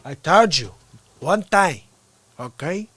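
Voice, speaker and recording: A man's voice: a little high, lively intonation, slow, fairly bright tone, heavily acted. A man doing a put-on Cuban accent as a tough, swaggering gangster who keeps saying "okay?". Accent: Cuban Spanish, put on. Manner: tough, punctuates lines with "okay?". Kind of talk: comedic movie-character impression.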